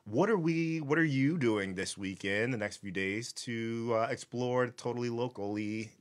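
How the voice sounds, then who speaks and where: A man's voice: mid-range voice, normal speed. A man co-hosting a casual local podcast, friendly and teasing, steering the chat along. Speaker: podcast co-host.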